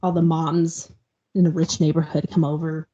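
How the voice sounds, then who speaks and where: A woman with a lowish, mellow voice rambles through a novel's plot in casual chat, dropping "like" into nearly every phrase. The audio is dull and lo-fi, like a home podcast recording. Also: little pitch movement, normal speed. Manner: rambling, fills speech with "like". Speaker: book podcast co-host.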